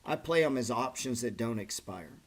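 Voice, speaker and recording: This trading channel host, a middle-aged man, chats casually and bluntly on his stream, full of swearing and "man" and "bro." He's expressive at a normal speed with a medium pitch, over slight background noise.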